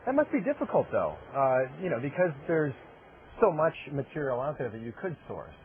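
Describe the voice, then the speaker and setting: A man's voice: medium pitch, sing-song, brisk. A man working as an entertainment reporter who puts direct, upbeat questions to his guest. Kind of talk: interview questions. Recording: tinny phone-like audio, faint hiss.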